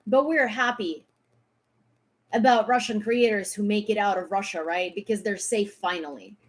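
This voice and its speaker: A woman's voice: mid-range voice, moderate pace. A woman from Ukraine ranting on a live stream, sarcastic and heated, swearing freely as she argues. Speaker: social media creator.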